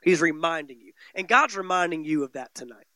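A man preaching a sermon with emphatic, repetitive phrasing that swings between loud, stressed declarations and quiet, low passages. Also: animated, fairly quick, no room sound. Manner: emphatic preaching, repeating phrases with rising and falling intensity. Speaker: pastor.

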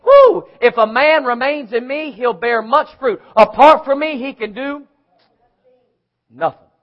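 A man's voice: very high voice, a little slow, lo-fi sound. A man preaching a sermon in church, emphatic, calling out to the congregation for answers. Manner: emphatic preaching with call-and-response.

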